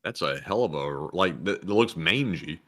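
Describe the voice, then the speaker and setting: A man chimes in on a live stream with brief, laid-back remarks. His voice sits low for a man but sounds bright. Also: lively intonation, normal speed. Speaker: co-host. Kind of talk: casual live-stream chat.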